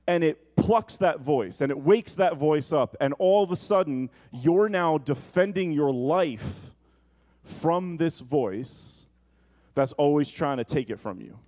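A male pastor preaching an earnest, personal sermon in a church, slowing down for emphasis and rushing through asides. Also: fairly high pitch, lively intonation, darkish tone. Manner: earnest and personal, shifting between slow emphasis and quick asides. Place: church sanctuary.

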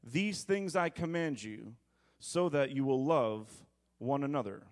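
A man's voice: mid-range voice, a little slow. A man in his thirties preaching a sermon, reading scripture with conversational, joking asides and prompting the congregation to repeat words. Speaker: pastor.

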